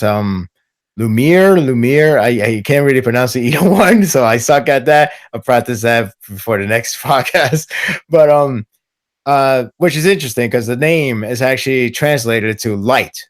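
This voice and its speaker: A man speaking as a guest in a casual podcast discussion, animated and quick to laugh, sometimes playfully mimicking voices. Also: medium pitch.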